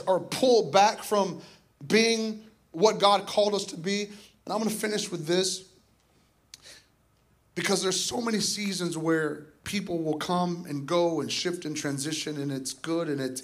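Middle-aged male pastor, sermon delivery, fervent, repetitive exhortations, fairly high voice. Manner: impassioned, builds to emphatic repeated exhortations.

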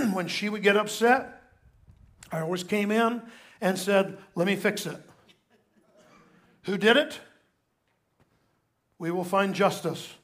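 An older male pastor delivering a sermon with a high, light voice. He tells stories and swings between hushed moments and loud, emphatic bursts. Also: takes it slowly, long pauses.

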